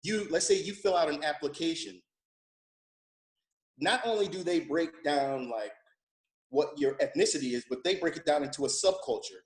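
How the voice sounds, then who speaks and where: A man's voice: fairly high pitch, normal speed, pauses often, roomy sound. A man speaking as a panelist, thoughtful and hesitant, often repeating phrases. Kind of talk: panel discussion.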